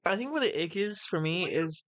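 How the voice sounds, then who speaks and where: A woman's voice: fairly low pitch, expressive, moderate pace, dull audio. A young woman chatting casually on a podcast, matter-of-fact with dry asides. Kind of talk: casual chat. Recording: dry close recording.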